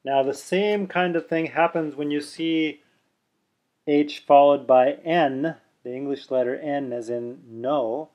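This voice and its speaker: A man teaching pronunciation, who explains slowly and then chants the examples with careful, deliberate delivery. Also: on the high side, steady tone, a little mellow, dull audio. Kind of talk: pronunciation lesson with slow chanting.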